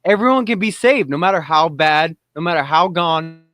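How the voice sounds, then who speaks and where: A man's voice: on the high side, expressive, normal speed, fairly bright tone, dry recording, studio quality. A man from Florida hosting a livestream panel, talking religion in a rambling, self-deprecating way and swearing. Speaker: host. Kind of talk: casual religious debate on a livestream.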